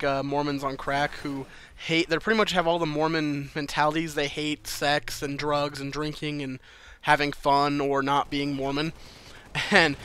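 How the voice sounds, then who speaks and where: A man's voice: on the high side, bright, forceful tone, clear, resonant tone. A man casually telling a personal story to camera, chatty and loose, swearing freely and laughing between lines.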